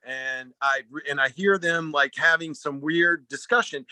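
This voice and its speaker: A man telling a personal story at a talk, animated and rambling, often restarting his sentences. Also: on the high side, unhurried, hardly any pauses, dry recording. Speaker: speaker at a talk.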